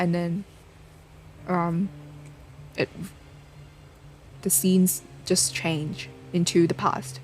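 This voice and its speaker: A woman's voice: on the low side, a little mellow. A woman streamer giving casual, hesitant commentary while playing a game, mumbling with many fillers.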